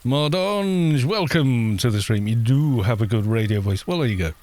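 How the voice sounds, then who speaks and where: A man streaming a game, chatting casually in a quiet, gentle voice, rambling with restarts and soft laughs. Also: mid-range voice, lively intonation, moderate pace. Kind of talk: casual live-stream chat while gaming.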